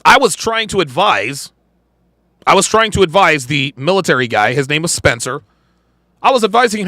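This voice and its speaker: A man's voice: on the high side, very animated, moderate pace, pushed and bright, no echo. A man hosting a podcast, reacting to a clip in emphatic, profane commentary and repeating his points.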